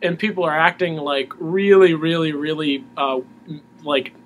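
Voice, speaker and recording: A man, a musician guest in an interview, talking casually in a halting way with many restarts. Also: on the high side, fairly even intonation.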